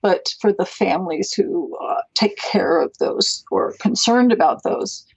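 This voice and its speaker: A middle-aged woman, a mental health advocate appearing as a podcast guest, whispers her stories in a chatty, rambling way, warm and punctuated by laughs. Her voice is medium-pitched and slightly rough, with a measured pace. The recording is muffled, with no room sound, and the talk is casual interview chat.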